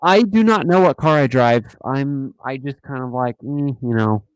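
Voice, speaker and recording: A man's voice: medium pitch, normal speed, no room sound, poor audio. A man hosting a casual live stream, joking and rambling in a playful, silly way.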